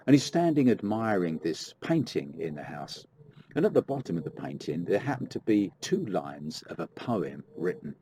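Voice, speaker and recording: Man, deep low voice, lively intonation, devotional storyteller, faint hiss behind. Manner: lively, emphatic storytelling with restarts. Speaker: preacher.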